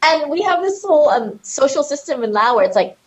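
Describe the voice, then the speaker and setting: Lively high-voiced American woman storyteller. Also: fairly quick, highs cut off. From United States. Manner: animated, laughing, swearing, acting out others' voices. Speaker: guest, film director. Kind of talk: casual interview storytelling.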